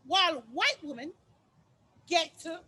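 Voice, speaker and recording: A stage monologue from a woman voicing an outspoken, sassy woman airing her grievances. The voice sits high and swoops widely, and the delivery is unhurried. She slips into mocking, exaggerated tones. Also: full character voice. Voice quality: expressive, mocking tone shifts. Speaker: stage actor performing a monologue. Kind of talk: theatrical monologue.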